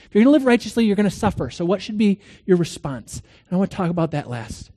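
A middle-aged man preaching a sermon, earnest, swinging between loud questions and hushed lines, telling stories with quoted dialogue. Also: high-pitched, very animated, fast talker, few pauses. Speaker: pastor.

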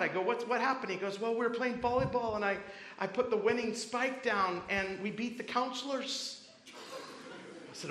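A man's voice: very high-pitched, normal speed, a bit bright, echoey room, a little hiss or hum, rough recording. A man preaching a sermon to a congregation, talking casually and telling stories from camp. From grew up Baptist. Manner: conversational preaching with anecdotes. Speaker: pastor.

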